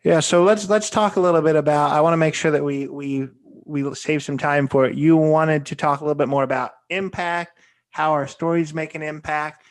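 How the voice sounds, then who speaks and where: A man hosting a podcast, relaxed and affirming as he steers the guest to the next topic. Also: fairly high pitch, normal speed. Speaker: podcast host. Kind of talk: casual interview.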